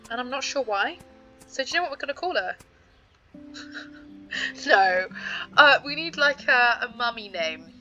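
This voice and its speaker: A woman's voice: on the high side, sharp tone, low-quality recording. A young British woman giving chatty, giggly commentary to her viewers as she plays a horse game. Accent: British English. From Britain. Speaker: gaming YouTuber. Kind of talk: casual gameplay commentary.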